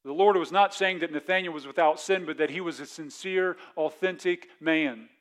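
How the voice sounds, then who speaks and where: Male pastor, slightly high voice, chatty sermon delivery with frequent restarts. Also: moderate pace. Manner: conversational preaching, repeats words when restarting.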